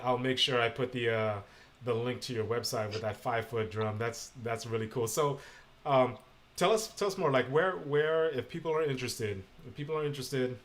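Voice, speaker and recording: A man's voice: medium pitch, fairly bright tone. A man hosts a casual online interview show. He sounds upbeat and friendly, asking questions with some ums and restarts. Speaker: show host.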